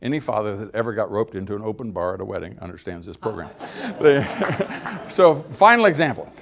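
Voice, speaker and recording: Speaking briskly in a fairly low, creaky voice, a middle-aged man delivers a homespun speech full of stories. He performs snippets of dialogue and laughs at his own jokes.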